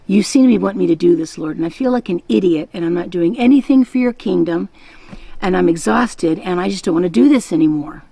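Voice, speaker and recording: A man's voice: high voice, animated, quick pace, vocal fry, warm tone, breathy edge, no echo, full character voice. A woman telling of an earnest young man. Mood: frustrated. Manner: frustrated, pleading, then trusting. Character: earnest young man straining to obey God.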